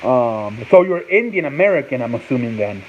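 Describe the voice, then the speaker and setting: A man's voice: medium pitch, sing-song, moderate pace. A man hosting a sports talk show in casual live-stream chat, rambling and swearing and sounding words out over and over. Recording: tinny phone-like sound with faint noise.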